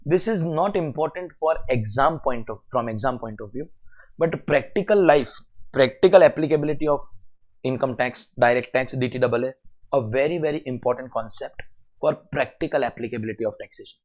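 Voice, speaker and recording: A man with an Indian English accent teaching a tax lecture to students, animated and full of rhetorical questions. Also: medium pitch, fairly quick. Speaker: CA exam lecturer.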